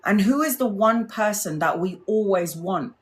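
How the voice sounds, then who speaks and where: A woman's voice: medium pitch, expressive, moderate pace. A woman hosting a live tarot stream, talking to her viewers in an earnest, blunt and emotional way and swearing freely. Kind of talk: heartfelt casual live-stream chat.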